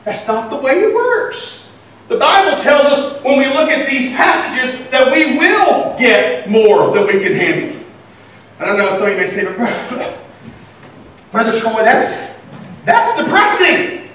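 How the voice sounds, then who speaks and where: High, bright-voiced preacher in an echoey hall. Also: male voice, normal speed. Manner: animated preaching that swings between loud and quiet. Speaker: pastor. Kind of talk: sermon. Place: church sanctuary. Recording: echoey church hall from a distant mic.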